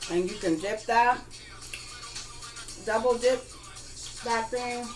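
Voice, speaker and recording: A woman hosting a casual cooking video, talking slowly and warmly to her viewers as guys and y'all. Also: on the high side, soft background music, rough recording. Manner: slow, drawn-out, homey, addresses viewers as guys and y'all. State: talking with mouth full at times. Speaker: cooking vlogger. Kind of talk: casual cooking demo chat.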